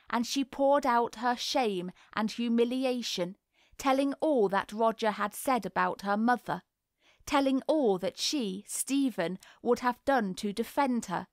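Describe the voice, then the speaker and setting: A woman reading a novel aloud in a measured, even storytelling manner. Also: on the high side, no echo, studio quality. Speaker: audiobook reader. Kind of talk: scripted narration.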